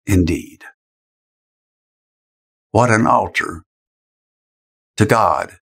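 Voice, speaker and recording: An older man, a guest preacher, tells a story in an emotional sermon with slow, emphatic phrasing. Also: lowish voice, a bit bright.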